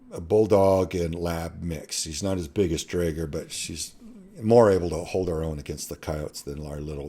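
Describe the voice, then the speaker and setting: A middle-aged man telling a personal story in a halting, earnest way that often trails off softly. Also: low voice.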